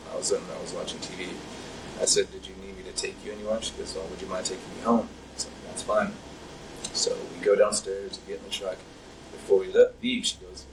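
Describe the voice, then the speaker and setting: A young man with a low voice tells his account in a hesitant, rambling way, full of fillers. He sits some distance from the mic. Faint background noise runs under the recording. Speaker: interview subject. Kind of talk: recounting events in an interview. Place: interrogation room.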